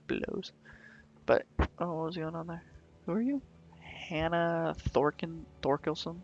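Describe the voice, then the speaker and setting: A man's voice: a little high, slow, vocal fry, long pauses, lo-fi sound, a little hiss or hum. A man giving goofy, rambling commentary over a game he is playing, full of jokey asides. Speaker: let's play gamer. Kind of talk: casual gameplay commentary. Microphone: desktop microphone.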